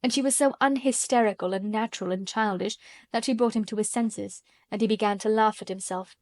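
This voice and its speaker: Female audiobook narrator, measured delivery, dry studio sound. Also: mid-range voice, dry recording. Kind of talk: scripted narration.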